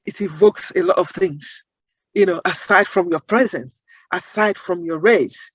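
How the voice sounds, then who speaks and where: Her fairly low, unhurried voice has a breathy edge as she answers interview questions as a guest advocating on accent bias. Earnest and emphatic, she builds arguments through rhetorical questions, recorded dry and close with no echo and poor audio.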